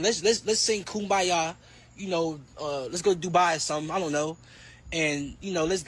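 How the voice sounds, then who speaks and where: A young man in his twenties, a boxer, giving a heated, profane trash-talk rant that swings between loud and muttered. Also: a little high, slightly rough. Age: 20s.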